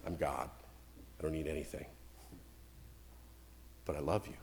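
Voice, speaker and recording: A gentle, all-powerful God speaks, put on by a male preacher. His voice is dropped low and soft, slow and soothing. A long reverb from a large hall trails each word. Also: fairly even intonation, gravelly, a little hiss or hum, full character voice. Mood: tender, reassuring. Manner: slow, hushed and reassuring.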